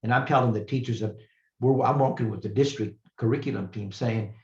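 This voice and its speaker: A man's voice: medium pitch, fairly even intonation, creaky. Older man giving an earnest, reflective talk. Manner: earnest, reflective, with pauses and restarts. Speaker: retired professor, guest speaker. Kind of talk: personal storytelling lecture. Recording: roomy, slightly muffled recording.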